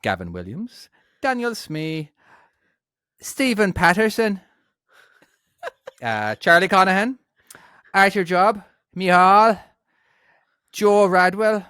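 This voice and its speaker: An Irish man putting on an exaggerated Dublin accent for a loud, sing-song roll call of names. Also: sits high, expressive, slow, long pauses, smooth, no echo, studio quality, full character voice. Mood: hammy.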